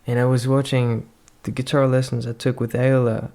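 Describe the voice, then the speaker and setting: A man's voice: medium pitch, little pitch movement, normal speed, darkish tone. A young man, not a native English speaker, delivering a rambling, profane, introspective monologue as a vlogger.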